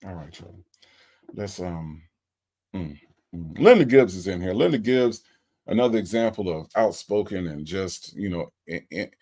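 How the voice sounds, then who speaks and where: A man hosts a live stream, reacting to a recorded call and talking straight to his chat. His gravelly voice swings widely in pitch as he repeats his questions in disbelief. He chats loosely and casually with his viewers. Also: expressive, measured pace, warm tone. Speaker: livestream host reviewing a recorded call.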